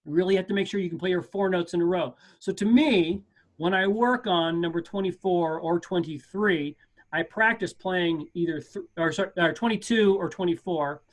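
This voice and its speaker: A man teaching percussion over a video call, speaking casually and encouragingly. He counts beats aloud and corrects himself as he goes, in a relaxed class tone. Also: sits high, moderate pace. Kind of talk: online music lesson. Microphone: video call mic.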